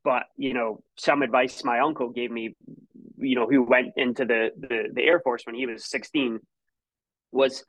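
A man's voice: medium pitch, fairly even intonation, normal speed, a bit bright, no echo, low-quality recording. A Scottish man in his thirties, a former college runner, telling stories casually in an interview, with many restarts and fillers. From Scotland.

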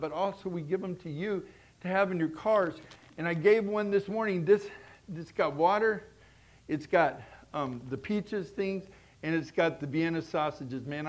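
High-voiced animated male preacher. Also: a little hiss or hum. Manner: animated, swings between loud and hushed, frequent restarts. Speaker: pastor. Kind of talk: sermon.

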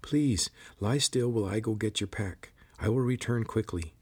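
Storybook lizard sidekick, formal and deferential, voice lifted above a man's own husky tone. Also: fairly low pitch, normal speed, a little mellow, pitched above the performer's own voice. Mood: earnest, anxious. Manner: formal, deferential, calls everyone sir, no contractions. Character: polite formal male lizard companion, loyal.

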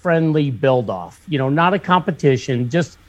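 A motorcycle shop owner from northwestern Pennsylvania, telling a story in casual chat, rambling and profane with lots of fillers and restarts. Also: male voice, mid-range voice, expressive, normal speed, dull audio.

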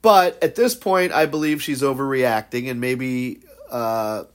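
A man's voice: mid-range voice, measured pace. A man hosting a casual podcast, recapping reality-show episodes with gossipy, sarcastic put-downs.

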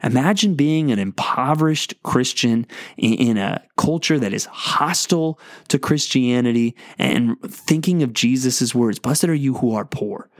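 A man delivers a sermon in an earnest, exhorting manner, often restarting his sentences as he pushes his point. His voice sits at an ordinary middle pitch. The sound is dry and close, with no room echo. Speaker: pastor.

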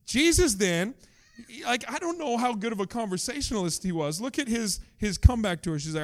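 A male pastor with a fairly high voice preaching in a relaxed, conversational way. He tells the story with humorous asides and direct questions to listeners. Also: fast talker. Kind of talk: sermon.

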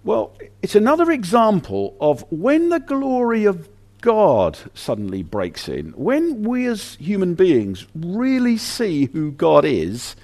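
A man preaching a sermon in an animated, conversational way, often restarting his sentences. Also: high voice, slow pace.

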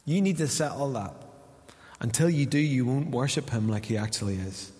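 A Northern Irish man preaching at a middle pitch, talking to his congregation as if in conversation and acting out short exchanges. His voice rings out with the long reverb of a large church hall. He speaks as the church's pastor. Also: normal speed, a little mellow. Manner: conversational preaching that acts out little dialogues. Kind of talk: sermon.

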